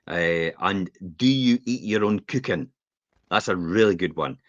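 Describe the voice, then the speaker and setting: A Scottish man chatting on a podcast as the host, opinionated and animated, with laughs slipping into his rants. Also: sits low, unhurried, dry recording. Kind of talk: casual podcast chat. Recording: dull lo-fi podcast audio.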